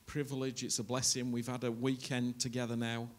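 A man's voice: medium pitch, completely flat delivery, a little fast. A man, a pastor who welcomes visiting guests to his church in a rambling way full of fillers. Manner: warm, rambling, hesitant with fillers.

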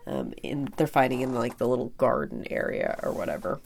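A woman with a low voice and a gravelly, fry-laden edge talks through a TV episode recap. She rambles eagerly, leaning on fillers as she goes, in a casual, unscripted way. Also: very animated, brisk, a little mellow, a little hiss or hum. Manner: rambling, filler-heavy, enthusiastic. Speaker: podcast host recapping an episode.

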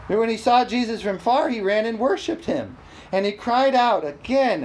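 A preacher in full sermon mode, mid-pitched and emphatic. The delivery keeps asking the congregation for amens and hammers home key phrases by repeating them. A faint hiss sits under the voice. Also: animated, normal speed, darkish tone. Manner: emphatic, calls for "amen?" responses.

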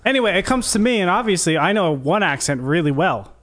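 Animated man with a bright, lively pitch. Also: fast talker. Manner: anecdotal, animated. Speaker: esports broadcaster. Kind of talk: casual chat.

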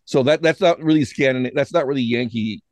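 A man's voice: mid-range voice, fast, dry recording. A man from Washington State co-hosting a casual political chat, lecturing in a musing way and often starting with "I mean". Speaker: podcast co-host.

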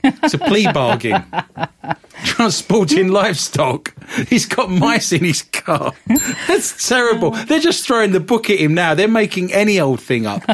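A man's voice: high voice, big pitch swings, measured pace, fairly bright tone. A man co-hosting a comedy podcast, trading dry wisecracks in casual banter. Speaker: podcast co-host. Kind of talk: jokey banter.

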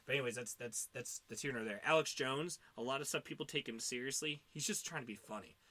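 A man's voice: mid-range voice, quick pace, bright, forceful tone. Rambling profane male podcast host. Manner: rambling, profane, lots of fillers. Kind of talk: casual chat.

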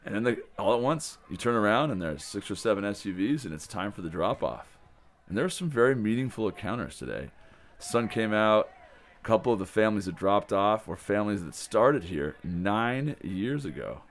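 A man's voice: lowish voice, lively intonation, fairly quick. A man, a camp director, telling the story of arrival day in a rambling, enthusiastic way. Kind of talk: casual spoken recap of the day.

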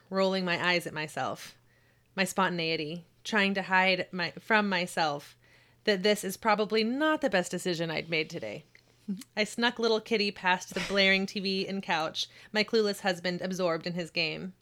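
Woman reading her own short story. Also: mid-range voice. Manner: animated reader who acts out quoted voices. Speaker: home health nurse. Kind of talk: casual chat and story reading.

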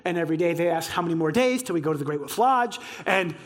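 A man preaching a sermon, telling stories with excitement and acting out the dialogue. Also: fairly high pitch, quick pace. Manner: excitable storytelling, acts out dialogue. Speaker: pastor.

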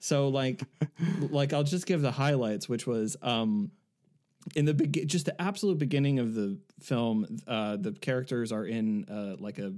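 A man with a medium-pitched voice rambles through a story in casual chat. He stumbles over his words, full of fillers and restarts. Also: normal speed, darkish tone. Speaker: podcast co-host.

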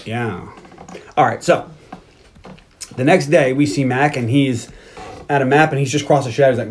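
A man's voice: mid-range voice, normal speed, long pauses. Guy podcast host retelling movie scenes, chatty, quotes the characters, bit of hiss behind him. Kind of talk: casual movie recap chat.

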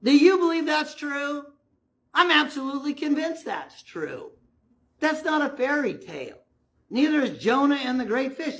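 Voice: high voice, a bit bright. A preacher delivering a conversational sermon, asking the congregation questions and retelling stories in a casual way.

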